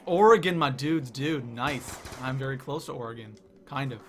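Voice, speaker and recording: A young man from Canada hosting a live game stream, excitedly reading the chat out loud. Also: mid-range voice, normal speed, a little hiss or hum.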